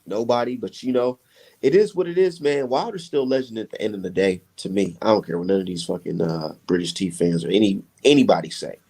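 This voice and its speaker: A man hosting a casual chat, telling a profane, animated story and laughing often. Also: lowish voice, a little fast, husky. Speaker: podcast host.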